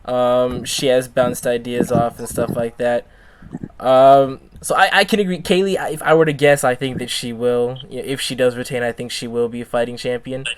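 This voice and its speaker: A man's voice: mid-range voice, little pitch movement, normal speed, a little hiss or hum. A man interviewing wrestlers in a casual sit-down chat, rambling through his questions with lots of fillers.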